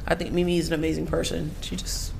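A woman's voice: deep voice, level tone, fast talker, vocal fry, a little mellow, slight background noise. A woman guest talking candidly and profanely in a casual chat, often laughing.

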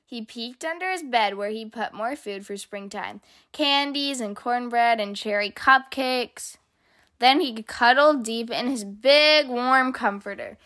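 A woman reading a children's picture book aloud, with expressive, animated storytelling. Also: a little high, measured pace, dry recording, clean studio sound.

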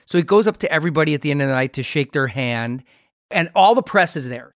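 A man's voice: a little high, expressive, quick pace, dry recording, studio quality. A middle-aged man hosting an interview, chatting casually and trading stories with his guest. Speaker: podcast host.

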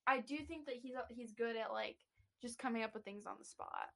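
A woman's voice: a little high, fairly quick, vocal fry, sharp tone. A woman co-hosting a podcast in casual chat, chatty and giggly, saying "like" often. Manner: chatty, giggly, says "like" a lot. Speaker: podcast co-host.

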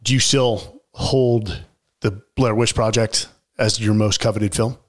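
Laid-back low-voiced male interviewer. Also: steady tone, measured pace. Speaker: interview host. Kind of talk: casual interview chat.

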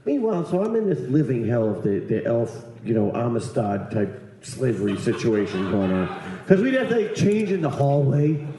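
A man telling a long, rambling, profane comic story in casual chat, jumping into loud put-on voices for the people in it. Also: mid-range voice, sing-song, moderate pace, few pauses. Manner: rambling, profane, acts out other people's lines with big voice jumps. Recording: very echoey room.

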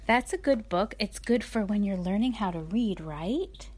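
A mother hosting a bedtime story show, reading a children's picture book aloud in an animated, sing-song voice. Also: medium pitch, normal speed, few pauses, breathy edge.

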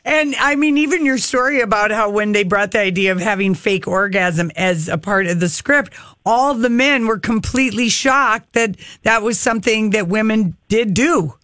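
A woman's voice: medium pitch, normal speed, a bit bright, no echo. Woman, co-host, casual interviewer, dry close sound. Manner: conversational, leads with questions. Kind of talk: interview chat.

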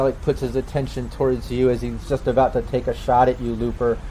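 A man's voice: medium pitch, fairly quick, few pauses, a little hiss or hum, low-quality recording. Easygoing male game master. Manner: relaxed and chatty, with many fillers. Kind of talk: narrating a tabletop game.

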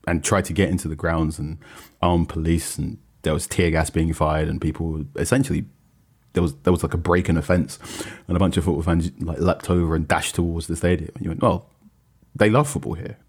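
A British man with a very low voice and a husky, slightly rough edge tells his story at an easy pace. He stumbles and restarts often and fills his pauses with "uh" and "um", like a reporter chatting after the match. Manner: relaxed storytelling with frequent fillers and restarts. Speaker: football journalist. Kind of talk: conversational reporting.

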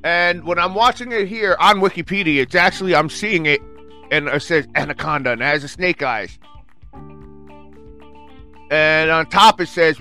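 A man reviewing a movie in a casual rant, reading bits off a webpage out loud and getting worked up, with lots of swearing and filler words. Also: a little high, normal speed, soft background music. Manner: excitable, swears, keeps saying "freaking".

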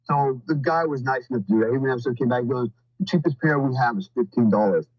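A man's voice: medium pitch, fast, breathy edge, dry recording, highs cut off. A man talking as a podcast guest, telling stories in a blunt, profane, rambling way with lots of fillers. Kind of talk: casual storytelling.

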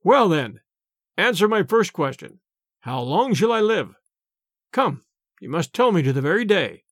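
A haughty medieval king barks his demands in a loud, lively voice that jumps up in pitch, as a male reader puts him on. Dry, close sound. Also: a little slow, dry recording, heavily acted. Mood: commanding. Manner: imperious, loud. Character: proud angry medieval king, commanding.

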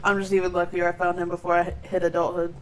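Deadpan young woman cracking quips. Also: on the low side, quick pace, slight background noise, poor audio. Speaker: podcast co-host. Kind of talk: casual chat.

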